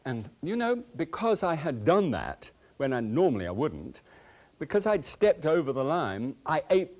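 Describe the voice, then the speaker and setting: A man's voice: mid-range voice, darkish tone. A man hosting a cooking show, chatting enthusiastically and telling folksy anecdotes from a TV kitchen set. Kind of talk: cooking show chat and storytelling.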